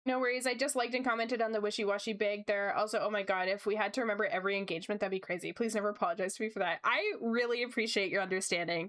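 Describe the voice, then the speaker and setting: A young woman chatting casually as she draws on a livestream, bubbly and gushing with quick asides. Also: medium pitch, steady tone, fairly bright tone. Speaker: streamer. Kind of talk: casual chat while drawing.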